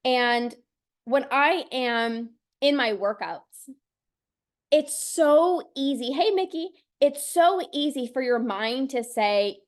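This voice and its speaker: A woman's voice: sits high, animated, slow pace. A young woman coaching live on binge eating, talking with energy and acting out inner voices. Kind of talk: motivational live-stream talk.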